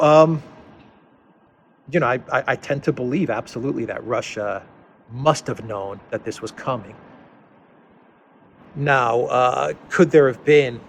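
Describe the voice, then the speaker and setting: A political commentary host delivers an unscripted monologue, hesitant at first with many restarts and fillers, then turning emphatic on his key points. His voice is mid-range, with slight background noise.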